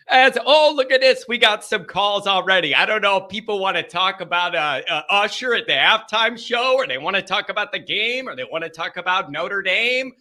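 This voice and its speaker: A man hosting a live call-in sports show, energetic and playful, with a raspy voice stuffed up from his sinuses. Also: high voice, moderate pace. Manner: energetic and animated, playful rhymes. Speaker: host.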